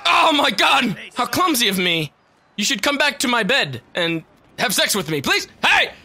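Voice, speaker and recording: Excitable young man gaming, high and bright. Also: moderate pace, vocal fry. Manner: loud, excitable, swearing, laughing often. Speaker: gaming video host. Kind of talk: let's play commentary.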